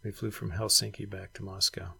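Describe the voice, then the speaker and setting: A middle-aged man who once served as a missionary and regional director tells reflective stories of his time abroad for an oral history interview, performing the quoted voices. His delivery is flat and fairly quick, his lowish voice creaky and husky with a sharp tone.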